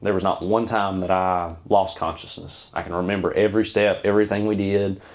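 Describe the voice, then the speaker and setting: A man, a podcast guest telling a personal story in an earnest, halting way with many fillers and restarts. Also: low voice, level tone.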